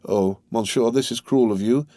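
A man's voice: medium pitch, moderate pace, warm tone, dry recording, studio quality, voice pushed up, lightly acted. A man voicing an eager, pleading young woman. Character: emotional, grateful young woman. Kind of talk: audiobook character reading.

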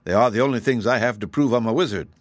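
A man's voice: medium pitch, quick pace, dry recording, natural voice. A man doing a kindly old humbug wizard. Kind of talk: audiobook reading.

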